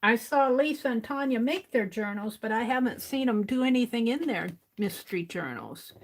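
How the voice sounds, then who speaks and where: An older woman hosting an art livestream, chatting casually to herself as she works and counting items out loud. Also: fairly high pitch, animated. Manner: unhurried, talks to herself while working, counts items aloud. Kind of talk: casual crafting livestream chat.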